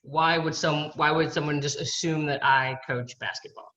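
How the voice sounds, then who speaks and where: Woman, college coach, earnest, rhetorical questions, bright voice, muffled call audio. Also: sits low, fairly even intonation, moderate pace. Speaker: college field hockey coach. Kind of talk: panel discussion. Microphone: video call.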